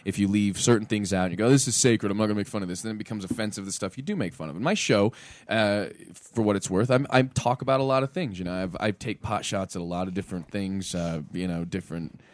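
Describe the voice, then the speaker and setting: Animated man telling a comedy story. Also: fairly low pitch, fast talker, dry recording. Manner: animated, acts out the people in his stories. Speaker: stand-up comedian, podcast guest. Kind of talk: casual storytelling.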